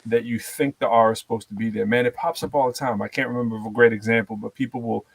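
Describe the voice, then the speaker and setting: A man hosting a talk show with a Boston accent, joking and talking in a quick, animated way. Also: mid-range voice, creaky, husky, no echo. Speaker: show host. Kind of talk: casual chat.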